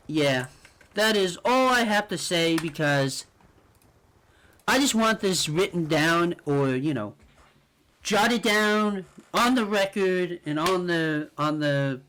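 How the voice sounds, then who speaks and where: A man's voice: high-pitched, lively intonation, takes it slowly, sharp tone. A young man venting in a casual, profane rant about dating. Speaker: vlogger. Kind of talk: casual ranting monologue. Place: New Jersey.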